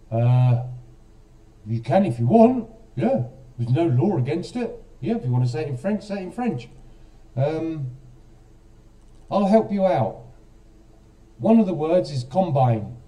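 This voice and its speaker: Slow, dark-voiced man streaming live. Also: a little high, distant mic. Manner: chatty, talks straight to chat, self-mocking. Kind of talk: casual live stream, quizzing viewers in chat.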